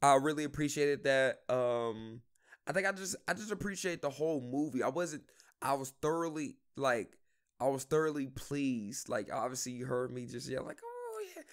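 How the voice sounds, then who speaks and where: A man's voice: medium pitch, clear, resonant tone. A man co-hosting a podcast, talking casually and animatedly in slang about a movie. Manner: animated, slangy, quick bursts. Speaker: podcast co-host. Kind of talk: casual chat.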